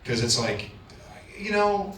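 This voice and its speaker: A man guest on a convention panel, telling his story in a casual, animated way, often restarting his sentences. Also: high voice, takes it slowly. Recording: echoey, distant mic with room noise.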